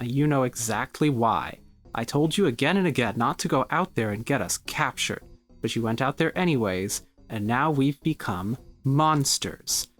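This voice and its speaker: A man's voice: medium pitch, fairly bright tone. A man reading the lines of a stern, controlling holy woman aloud from a visual novel, in a harsh, repetitive scolding tone. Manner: repeats accusations, harsh scolding.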